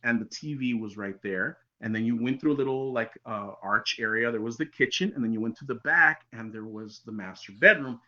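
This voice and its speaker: A man, a podcast guest telling his own encounter story in an animated way that sometimes drops very quiet. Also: mid-range voice, a little fast, few pauses. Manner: animated storyteller, drops to near-whispers for tense moments. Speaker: interview guest. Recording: dull lo-fi sound.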